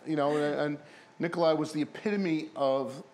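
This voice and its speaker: A former pro wrestler tells rambling, profane stories in a casual interview, putting on other people's voices as he goes. His voice is on the high side with a darkish tone, he speaks at normal speed, and there's slight background noise.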